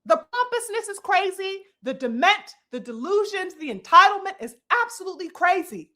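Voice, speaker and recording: A woman's voice: very high voice, big pitch swings, moderate pace, sharp tone. A woman giving a heated, profane commentary monologue with emphatic delivery and frequent "you know" fillers. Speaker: boxing commentator.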